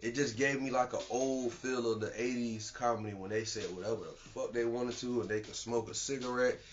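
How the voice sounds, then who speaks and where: A man's voice: mid-range voice, fairly even intonation, a little fast. A man co-hosting a podcast in casual, profane chat, musing aloud in a laid-back way. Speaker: podcast co-host. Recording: dull lo-fi sound with faint music.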